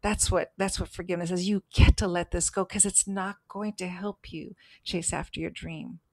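A woman's voice: lowish voice, fairly even intonation, normal speed, a little mellow, dry recording. Earnest woman podcast co-host. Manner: earnest, emphatic, acts out voices in stories. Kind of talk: casual podcast chat, personal storytelling.

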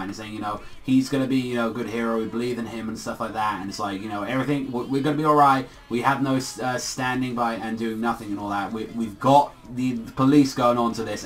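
Man vlogger, mid-pitched, loose rambling delivery, swears freely, comic review. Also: fairly bright tone. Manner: rambling, profane, heavy on fillers. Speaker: manga reviewer. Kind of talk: casual review vlog.

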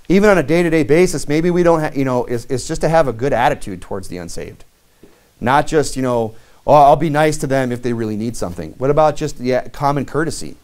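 Conversational man preaching a sermon. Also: fairly high pitch. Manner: conversational preaching, many "you know" fillers, acts out lively quoted dialogue. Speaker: pastor.

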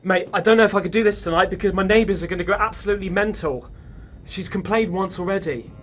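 A man streaming a horror game from home, excitable and swearing a lot as he reacts. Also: high voice, fast talker, a little hiss or hum. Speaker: gaming streamer. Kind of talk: horror let's-play commentary.

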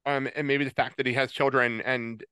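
Tearful man in his forties, bright voice. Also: medium pitch, little pitch movement, clear, resonant tone, no echo. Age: 40s. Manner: halting, emotional, many fillers and restarts. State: tearful, choked up. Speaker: podcast co-host. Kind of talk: casual podcast chat.

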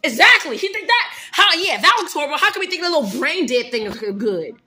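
A woman with a bright, forceful voice and a fairly high pitch trades mocking jabs in an improvised comedy skit. Her delivery is bossy and dramatic, swinging all over her range. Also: very animated, a little fast.

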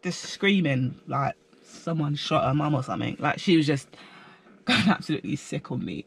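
Animated young man telling a story. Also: a little high, normal speed, gravelly, slightly rough, dry recording. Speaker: vlogger. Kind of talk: storytime vlog.

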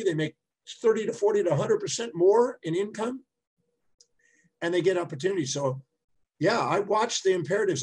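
Emphatic husky-voiced man telling stories. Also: on the high side, a little mellow, poor audio. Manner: emphatic, repetitive restarts, storytelling. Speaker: speaker and teacher. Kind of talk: conversational talk with anecdotes.

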